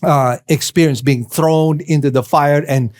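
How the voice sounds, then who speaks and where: A man preaching a sermon as pastor, explaining scripture slowly and deliberately with emphatic stresses. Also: a little high, steady tone, darkish tone.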